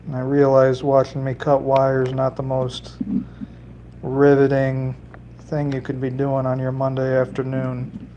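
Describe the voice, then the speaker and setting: A livestreamer building fishing lures chats on a solo stream, rambling and joking with his chat while working with his hands, in a slight put-on Italian lilt. His medium-pitched voice is dark in tone, completely flat, and a little slow. The audio is dull, with a bit of hiss or hum.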